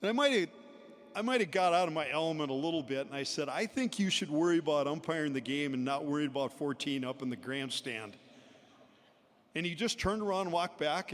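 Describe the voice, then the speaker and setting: A man giving a storytelling eulogy at a memorial service, chuckling between anecdotes. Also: fairly high pitch. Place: large indoor pavilion. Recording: long hall reverb in a large venue.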